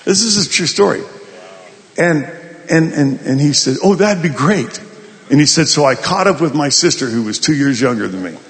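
A male pastor telling a folksy, animated story in a sermon. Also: mid-range voice, normal speed, in a large hall. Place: large hall at a summit.

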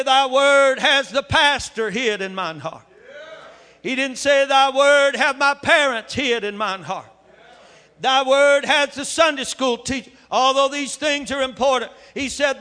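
A man preaching a sermon with fervor, his voice building up to shouts. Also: very high voice, a little slow. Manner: fervent, rising to shouts. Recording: echoey hall with long reverb.

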